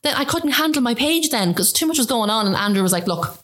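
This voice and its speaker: A chatty Irish woman in her forties tells her story in an interview. She acts out what people said to her, with lively jumps in her voice. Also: a little high, fast. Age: 40s. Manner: chatty, animated storytelling with acted-out quotes. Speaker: guest. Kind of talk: casual interview chat.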